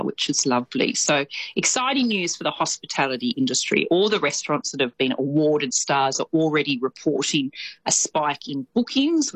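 A woman with an Australian accent reporting as a radio correspondent, chatty and lively and quick to laugh. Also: low-pitched, dry recording, poor audio. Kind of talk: casual radio chat.

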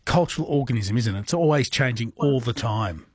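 A man hosting a talk radio show, chatting in a relaxed, agreeable way. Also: medium pitch, brisk, slightly rough, no room sound, studio quality. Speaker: radio host.

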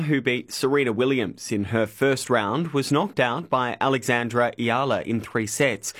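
A man reading a radio news bulletin in a measured, formal way. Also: mid-range voice, fairly bright tone. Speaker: newsreader.

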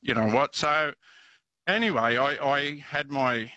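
A man's voice: medium pitch, unhurried, pushed and bright, no echo, muffled recording. A man calling in to a radio show, telling a story in a chatty, hesitant way with laughs. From Australia. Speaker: radio caller.

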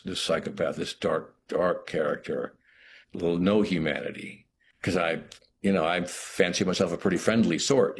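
Low, halting man musing in an interview. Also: gravelly, slight background noise. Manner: thoughtful, halting, many restarts and "you know". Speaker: actor, interview guest. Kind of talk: reflective interview talk.

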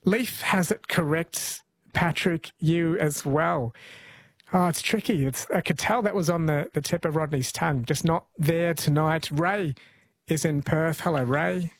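A man's voice: on the high side, a little slow, dry recording. A man hosting a call-in radio quiz, friendly and chatty, laughing easily.

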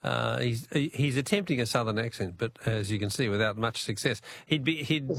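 A man's voice: medium pitch, fairly quick, gravelly, a bit bright, dry recording. A man with an Australian accent hosting a radio quiz, chatty and jokey, laughing often. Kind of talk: casual radio talkback.

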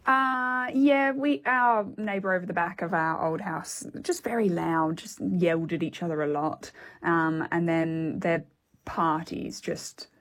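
A woman's voice: lowish voice, steady tone, unhurried. A woman on radio, chatting with giggles and giving a weather report. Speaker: weather presenter.

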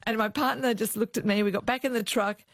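Older woman, ex-cop guest, lively storyteller who does the voices, dry close mic. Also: a little high, fast talker, dry recording. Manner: animated, acts out quoted voices. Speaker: retired police officer, guest. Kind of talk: storytelling in an interview.

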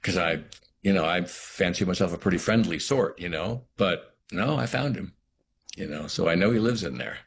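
Deep-voiced man, halting and thoughtful. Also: a little hiss or hum. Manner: thoughtful, halting, many restarts. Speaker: actor, interview guest. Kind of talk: reflective interview talk.

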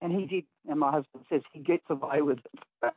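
A woman's voice: low voice, normal speed, no echo. A woman caller chatting on a radio phone-in, casual and giggly. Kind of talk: phone-in chat. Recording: tinny phone line, husky.

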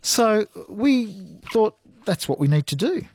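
Brief: Australian male radio host, playful and teasing, slightly raspy, dry close studio sound. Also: high-pitched, big pitch swings, a little slow, darkish tone, no room sound. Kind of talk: radio quiz and chat.

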